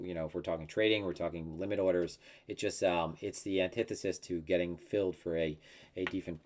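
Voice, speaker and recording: Low-voiced man talking through crypto charts. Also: darkish tone. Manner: rambling and conversational, with many fillers and mock quotes. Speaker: crypto market analyst. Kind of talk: casual live chart analysis.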